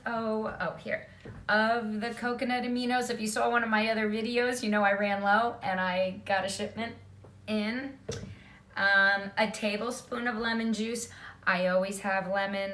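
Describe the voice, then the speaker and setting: A woman's voice: medium pitch, a bit bright, reverberant, a little hiss or hum. A woman giving a casual cooking demonstration in her home kitchen, chatty and often checking in with "okay?". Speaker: home cook.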